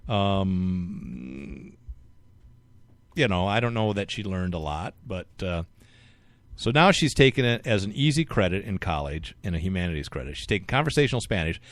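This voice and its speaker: A man's voice: deep voice, very animated, moderate pace, dry recording. Joking middle-aged man hosting a talk show. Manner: joking, rambling, laughs at his own jokes. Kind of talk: casual live radio talk show banter. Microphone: studio mic.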